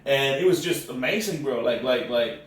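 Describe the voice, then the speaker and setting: A man's voice: medium pitch, moderate pace. A man from Mexico, a native Spanish speaker and former professor, telling stories in a loose, slangy way with many restarts. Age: adult, former university professor. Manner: animated storyteller, loose slangy talk with many "bro"s and restarts. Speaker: podcast host. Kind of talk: casual storytelling chat. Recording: echoey room, distant mic, faint noise.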